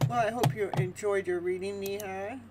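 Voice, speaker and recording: A woman hosting a live tarot reading, chatty and animated, laughing often as she talks to her viewers. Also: medium pitch, normal speed, background noise. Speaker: tarot reader.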